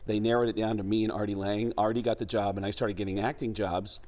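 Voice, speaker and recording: This man, a comedian and impressionist from the Bronx in New York, talks fast in a fairly low voice while telling talk-show stories. He's animated throughout, breaking into impressions and voices as he goes.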